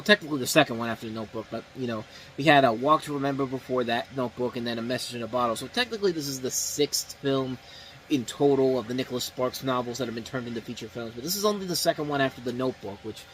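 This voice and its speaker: A man's voice: medium pitch, fairly bright tone, slight background noise, rough recording. A man hosting a casual movie review show, seated, talking in a rambling way with many fillers and restarts. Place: indoors, seated.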